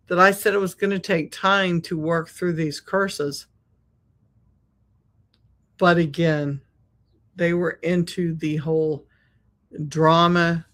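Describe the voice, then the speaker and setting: A podcast host who works as a spiritual healer talks through a reflective monologue. The delivery is unhurried, with each thought laid out slowly. Key words and phrases are repeated for emphasis. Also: medium pitch, a bit bright. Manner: slow, repetitive, emphatic phrasing.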